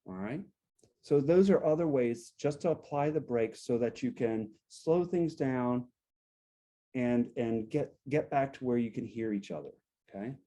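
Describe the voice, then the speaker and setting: Speaking a little slowly at medium pitch, a man gives a workshop talk on relationships to a support group. He walks through his points step by step, keeps asking "right?", and demonstrates sample phrases in both a calm and an angry tone.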